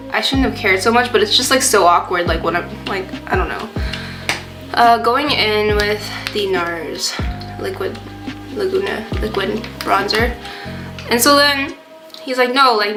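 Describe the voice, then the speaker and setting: A woman's voice: fairly low pitch, a bit bright. A young adult woman vlogger telling a casual storytime while doing her makeup, chatty, full of fillers and swearing freely. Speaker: beauty vlogger. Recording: roomy sound with faint background music.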